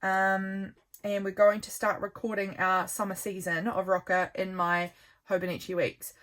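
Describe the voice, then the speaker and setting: Flipping through her journal at home, this tired, yawning vlogger rambles chattily and turns to viewers with warm asides. She's young, has a New Zealand accent, and speaks at a moderate pace in a mid-range voice with little pitch movement.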